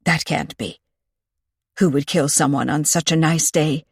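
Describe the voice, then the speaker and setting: A woman reads a practical woman friend who takes charge with brisk, firm lines. Her voice is lowish and the recording dry and close. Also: breathy edge, no echo, heavily acted. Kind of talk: audiobook character reading.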